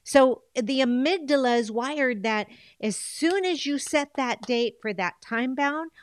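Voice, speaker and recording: Clear-voiced bilingual woman coach. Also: high voice, a little slow, no echo, studio quality. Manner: coaxing, repeats phrases for emphasis.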